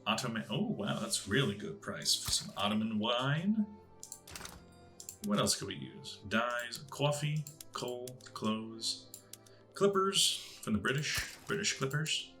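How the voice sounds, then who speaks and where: A man's voice: mid-range voice, sing-song, slow, bright, forceful tone, soft background music. A man casually thinking aloud as he plays a strategy game, musing to himself as he clicks through menus. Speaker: gaming channel host.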